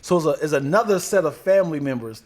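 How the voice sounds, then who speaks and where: A man co-hosting a podcast, telling stories in a relaxed way, often repeating and restarting his phrases. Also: a little high, fast. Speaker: podcast co-host. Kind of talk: casual chat.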